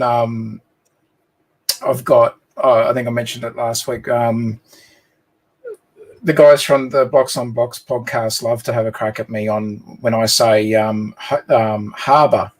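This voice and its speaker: A friendly Australian man chats as a livestream guest. His voice sits at an ordinary middle pitch. He talks in a halting way, full of ums and restarts. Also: low-quality recording. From Sydney, Australia. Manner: friendly, halting, many fillers. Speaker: guest co-builder. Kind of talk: casual chat.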